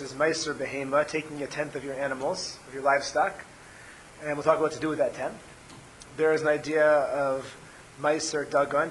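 A man with a scratchy, hoarse voice giving a religious class, explaining step by step with frequent ums and restarts. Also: fairly high pitch, fairly bright tone. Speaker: Torah teacher.

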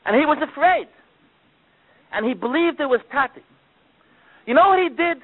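Man preaching, super high voice, tinny phone-sounding audio, big dramatic swings loud to quiet. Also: lively intonation, normal speed. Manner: dramatic storytelling, swinging between loud and hushed. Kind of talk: sermon.

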